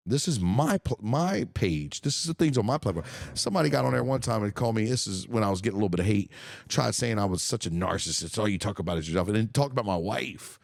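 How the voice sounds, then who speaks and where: A man's voice: fairly low pitch, expressive, quick pace, creaky, dry recording, clean studio sound. Ranting, profane male podcast host. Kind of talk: casual podcast chat.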